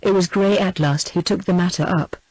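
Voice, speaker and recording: A narrator reading a historical novel aloud in an even, measured way. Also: mid-range voice, no room sound, poor audio. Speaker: audiobook narrator.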